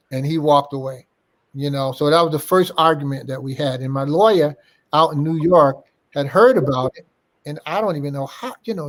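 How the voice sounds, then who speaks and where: An older man recalling old times in an interview, his voice sitting a bit higher than most men's. He is a lively storyteller who slips into the voices of the people he quotes. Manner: animated anecdote-teller, acting out quoted dialogue. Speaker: interview guest.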